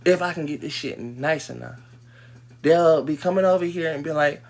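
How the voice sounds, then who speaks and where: A man on a livestream, ranting in a heated, profane way, dropping to low mutters and then breaking into loud outbursts. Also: moderate pace. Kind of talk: livestream rant.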